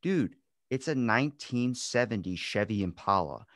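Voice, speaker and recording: A young adult man hosting a podcast in casual chat, telling animated stories with lots of swearing. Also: lowish voice, normal speed, no echo, clean studio sound. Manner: animated storyteller, swears freely, acts out quotes. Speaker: podcast host.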